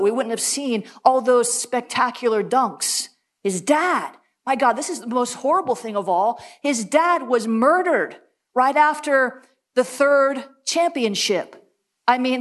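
A woman preaching a sermon, telling animated stories with quick asides and laughs. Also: on the high side.

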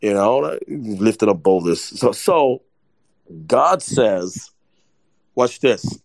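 A man's voice: fairly low pitch, lively intonation, takes it slowly, creaky, darkish tone, no echo, poor audio. Emphatic man preaching in dry sound. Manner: emphatic, repeats points, asks listeners if they follow. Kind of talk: conversational sermon teaching.

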